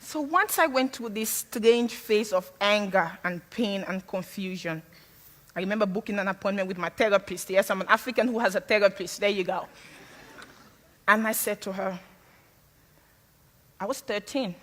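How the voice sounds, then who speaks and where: A woman's voice: medium pitch, moderate pace, long pauses, in a large hall. A woman from Sierra Leone, whose first language is not English, gives a frank, humorous stage talk as a guest speaker. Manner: frank, humorous, animated storyteller. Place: stage before a live audience.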